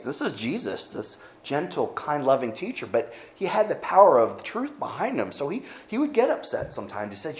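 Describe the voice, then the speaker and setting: A man giving a conversational sermon as pastor, animated, with joking asides and frequent restarts, speaking from a church pulpit. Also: a little high, fairly quick, few pauses, roomy sound.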